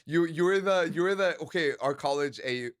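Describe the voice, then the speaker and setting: A man's voice: a little high, brisk. A young man on a stream in casual chat, laid-back and joking, playfully indignant when teased.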